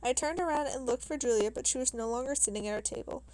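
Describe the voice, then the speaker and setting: Woman reading a novel aloud, fairly high voice. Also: poor audio. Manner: steady, measured reading with small restarts. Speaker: reader.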